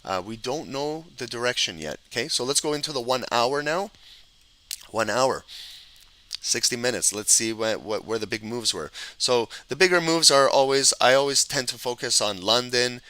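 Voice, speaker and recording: A man's voice: mid-range voice, normal speed, dry recording, poor audio. A man teaching live market analysis over a shared chart, walking through price levels and checking in with "okay?". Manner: instructive, repeats "okay?" checks, animated auctioneer riffs. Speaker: trading educator.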